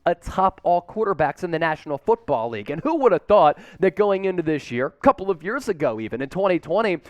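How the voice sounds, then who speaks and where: A man hosting a sports news show, giving energetic, emphatic fan commentary. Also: sits high, fast talker, dry recording. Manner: emphatic, hyped-up fan delivery.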